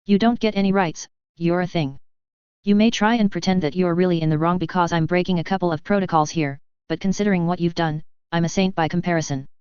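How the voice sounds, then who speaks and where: A woman's voice: lowish voice, darkish tone, clear, resonant tone, no room sound, highs cut off, natural voice. A woman voicing a brutal male soldier interrogator with a growling, threatening manner in a story reading.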